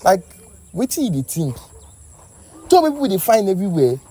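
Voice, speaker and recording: A quick-talking Nigerian man runs the interview, his voice leaping all over the place. The tone is dark and a little husky. He keeps pushing one question after another. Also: sits high. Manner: fast, animated questioning. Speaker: street interviewer. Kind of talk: comic street-interview skit.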